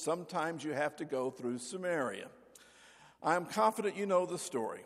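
An older man preaching a sermon as pastor, telling folksy stories and acting out the voices in them, with a gravelly voice. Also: fairly high pitch, big-room sound. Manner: folksy storyteller, acts out voices. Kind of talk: sermon with anecdotes. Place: church sanctuary.

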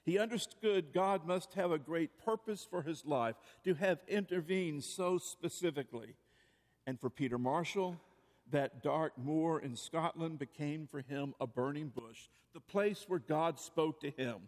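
A man's voice: fairly high pitch, unhurried, long reverb tail. A male pastor preaching a sermon in an earnest, rhetorical way, full of repeated questions.

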